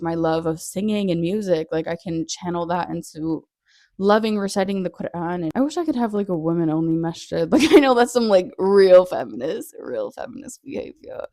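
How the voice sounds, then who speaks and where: Lower-pitched woman in a chatty, earnest monologue. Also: mellow, no echo, studio quality. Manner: earnest, chatty, heavy use of "like", laughs often. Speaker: podcast host. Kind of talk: personal storytelling monologue.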